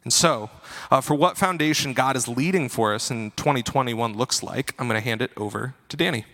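A pastor speaking to a congregation in a slow, measured, earnest way. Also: male voice, medium pitch, a bit bright. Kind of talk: sermon. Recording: long reverb of a large hall.

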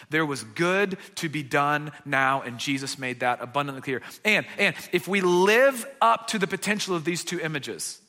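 A man's voice: fairly high pitch, bright, forceful tone, big-room sound. A man preaching a sermon as pastor, conversational and earnest, often checking in with his listeners. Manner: conversational preaching with frequent "okay?" check-ins.

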